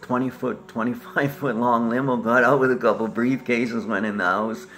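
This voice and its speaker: A man's voice: medium pitch, fairly even intonation, normal speed, a bit bright. A man talking in a long rambling monologue, swearing freely and jumping from topic to topic.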